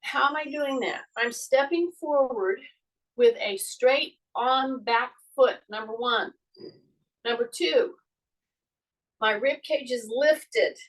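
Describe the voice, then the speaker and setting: A woman fitness instructor with a high, bright voice talks viewers through a live-streamed workout. She speaks slowly and deliberately, chatty and measured, often stopping to clear a frog in her throat. She moves around a small indoor space, stepping toward and away from the camera mic. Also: distant mic, poor audio. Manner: measured, chatty, talking directly to viewers while moving.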